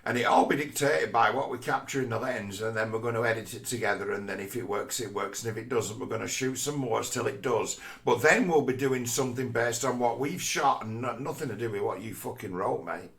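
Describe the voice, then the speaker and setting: A man's voice: medium pitch, brisk, gravelly, hardly any pauses, a bit bright. A man in a rambling, profane casual rant who often stumbles and repeats words mid-thought.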